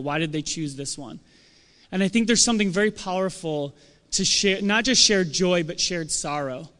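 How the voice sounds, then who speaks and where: A young man preaches in a loose, conversational way, slipping into little acted voices for the people he quotes. His voice sits high and smooth. The sound rings with the long reverb of a big hall. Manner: animated, acts out quoted voices. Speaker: church speaker. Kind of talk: casual conversational sermon. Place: church hall with audience.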